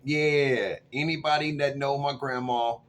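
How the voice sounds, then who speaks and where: A man in his forties telling a story to camera in a casual, animated way, swinging from loud outbursts to hushed asides. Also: mid-range voice, measured pace. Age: 40s. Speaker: vlogger.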